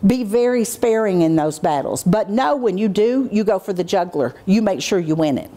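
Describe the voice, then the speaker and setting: Animated woman giving a workshop talk. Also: medium pitch. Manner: animated, acts out what she says to kids in a dropped, measured voice. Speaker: presenter at a teacher training. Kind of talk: workshop lecture.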